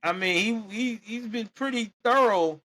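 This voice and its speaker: A man's voice: sits high, measured pace, pushed and bright. A man hosting a podcast, telling a true-crime story casually and animatedly, with exclamations and laughter. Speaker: podcast host.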